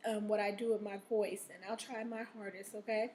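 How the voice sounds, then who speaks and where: A woman with a medium-pitched, level, darkish voice speaks briskly with few pauses in a recorded reading lesson for children. She stays patient, frequently asking "okay?" to check in, and at times reads aloud with expression.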